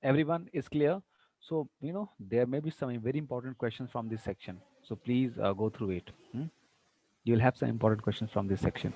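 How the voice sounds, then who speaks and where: A man with an Indian English accent teaching an online English class, explaining slowly and asking the students whether they follow. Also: medium pitch, mellow. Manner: explains slowly, mixes in Hindi words, asks students if clear. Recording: muffled, lo-fi audio.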